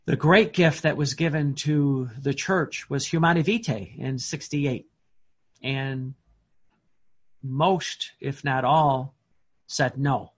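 A man preaching a sermon in an earnest, emphatic way, often pausing on fillers and restarting his words. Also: mid-range voice, steady tone, husky.

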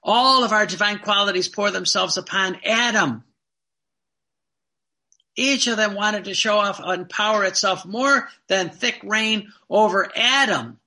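A man preaching in a high voice, leaning on repeated phrases and rhetorical questions. His tone is bright and a little tense, and he teaches with steady conviction. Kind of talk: devotional teaching talk.

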